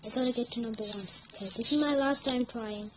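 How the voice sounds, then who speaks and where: A woman giving live commentary on her gameplay, excitable, yelling at the game and repeating words over and over. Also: fairly high pitch, fast, muffled recording, background noise.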